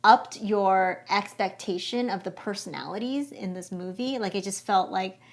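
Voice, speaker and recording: A woman's voice: mid-range voice, normal speed. A woman co-hosting a podcast, chatting casually and enthusiastically with lots of filler words. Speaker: podcast co-host. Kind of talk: casual chat.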